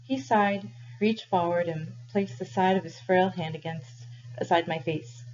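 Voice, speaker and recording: A woman reading a novel aloud to a class in a calm, measured way, pausing for questions, with a husky voice. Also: lowish voice. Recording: dull lo-fi recording.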